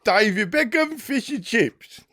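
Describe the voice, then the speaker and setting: High, shouty fake-British blowhard, pure parody. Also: male voice, lively intonation, a little slow, heavily acted. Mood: mocking bluster. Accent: put-on British. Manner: loud, mocking, shouted impression. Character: mock-British male propagandist, pompous and blustering.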